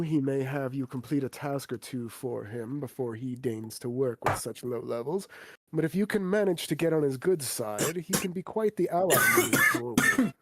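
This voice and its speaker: A man voicing a polite, long-suffering middle-aged innkeeper who talks in a slow, formal, quiet way. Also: medium pitch, close to an everyday voice.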